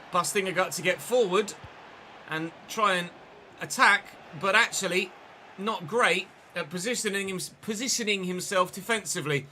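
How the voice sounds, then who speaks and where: A gaming streamer with a high-pitched, sharp voice live-streams a football game. He gives play-by-play commentary mixed with chatty asides to viewers, over a little hiss or hum.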